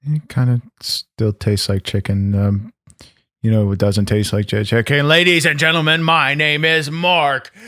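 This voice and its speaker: Brash, cursing wrestling champ host, voiced by a man; sharp, punchy tone, dry close sound. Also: medium pitch, steady tone, unhurried, no echo. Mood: grumpy. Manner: boastful, profane, blustering. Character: brash foul-mouthed male backyard wrestling champ. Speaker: podcast host. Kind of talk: comedy podcast character bit.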